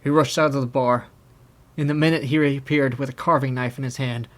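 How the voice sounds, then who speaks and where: A man's voice: mid-range voice, fairly even intonation, fairly quick, a bit bright. Young man narrating an audiobook. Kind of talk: scripted narration.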